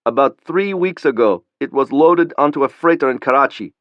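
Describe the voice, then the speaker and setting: A man's voice: mid-range voice, expressive, normal speed, no room sound, voice pushed up, lightly acted. A man voicing a frightened young computer operative who answers in a shaky, trembling voice. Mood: nervous. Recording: dull lo-fi, dry.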